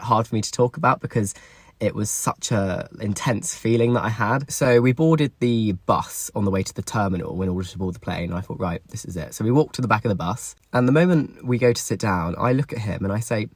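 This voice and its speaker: Emotional young man, husky and low. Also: no echo. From England. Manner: emotional, swearing, confessional. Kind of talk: candid storytelling to camera.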